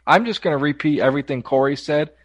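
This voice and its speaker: A man co-hosting a casual sports betting talk, breaking out in profane, animated outbursts. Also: a little high, fast, dry recording. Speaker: podcast co-host.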